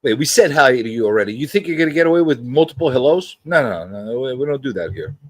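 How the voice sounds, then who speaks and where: A man's voice: mid-range voice, expressive, fast, no echo. A man hosting a casual live-stream chat, joking and teasing his co-host and the chat. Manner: joking, teasing, jumps into silly voices. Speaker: podcast host.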